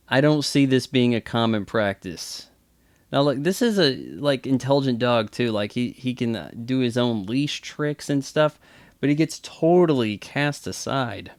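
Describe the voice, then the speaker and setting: A man's voice: mid-range voice, expressive, a little slow, dry recording. A man giving casual movie commentary with chatty, wry asides. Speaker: film commentator.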